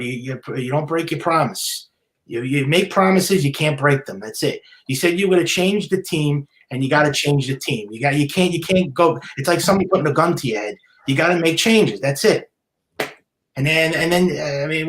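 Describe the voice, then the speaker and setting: Heated, stammering man ranting, higher voice. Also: animated, fairly quick, fairly bright tone. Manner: heated, repetitive, stammering restarts; indignant, scolding. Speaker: podcast host. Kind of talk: solo sports rant podcast.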